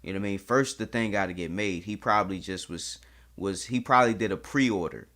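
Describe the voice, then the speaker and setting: A man with a deep, low voice hosting a reaction video. He talks in a candid, chatty way and swears freely. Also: brisk, fairly bright tone. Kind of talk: casual reaction commentary.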